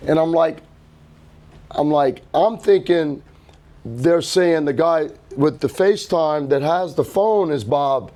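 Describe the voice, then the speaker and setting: Middle-aged guy, warm mellow voice, kinda high, rambling story at a hi-fi event, does everyone's voices. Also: slow pace. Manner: animated anecdote teller, acts out quotes, swears casually. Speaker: record label founder, guest. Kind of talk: casual storytelling interview. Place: hi-fi salon event, indoors.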